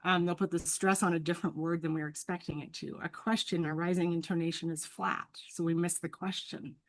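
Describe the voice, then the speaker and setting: Speaking briskly in a steady tone, a woman with a lowish voice lays out her points as a guest speech-language pathologist, earnest and teacherly throughout this explanatory professional conversation. She often asks the listener "right?", and the sound is close and dry, free of echo.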